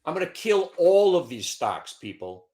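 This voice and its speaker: Brash man, trading show host, very animated pitch, taunting, swings between muttering and yelling. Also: normal speed. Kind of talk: live trading commentary.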